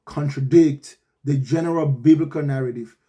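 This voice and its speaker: A man hosting a casual podcast chat, arguing his points in animated, rhetorical storytelling. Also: a little high, normal speed. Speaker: podcast host.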